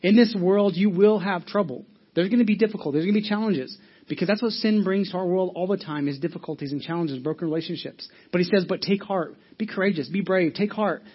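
Guy pastor preaching, a bit high and husky, chatty, muffled lo-fi recording. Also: brisk. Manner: conversational, animated storytelling with frequent restarts. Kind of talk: sermon.

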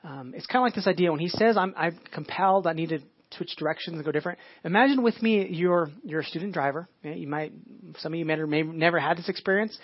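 A man's voice: fairly high pitch, fast, hardly any pauses, no room sound, lo-fi sound. A man delivering a sermon as pastor, in a conversational preaching manner, with frequent restarts and casual asides.

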